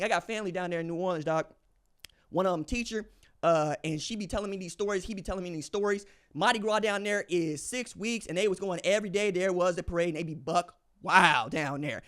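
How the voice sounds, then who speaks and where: High-voiced man giving emphatic sports takes. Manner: emphatic and slangy, repeats phrases for effect. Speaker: podcast host. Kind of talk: opinionated sports commentary.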